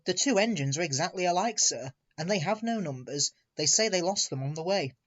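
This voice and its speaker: A man's voice: high-pitched, expressive, a little fast, fairly bright tone, dull audio, pitched above the performer's own voice. A dutiful railway inspector from a storybook answers his boss politely and carefully, as a man voices him. He sounds deferential yet firm on the facts.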